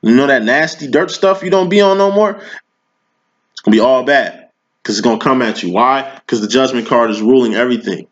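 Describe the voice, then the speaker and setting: A man's voice: medium pitch, a little fast. A man giving a casual tarot reading, talking in slang and preaching, always checking in with "you know what I'm saying". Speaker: tarot reader. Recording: dull lo-fi recording.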